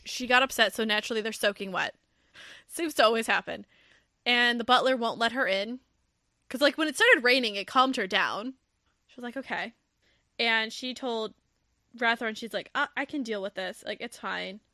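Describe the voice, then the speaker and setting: A woman's voice: fairly high pitch, normal speed, no echo, studio quality. A woman hosting a podcast, casually recapping a novel and acting out the characters' lines with laughter and swearing. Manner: animated storytelling, acts out quotes, swears and laughs. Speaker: podcast host. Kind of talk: casual book recap chat.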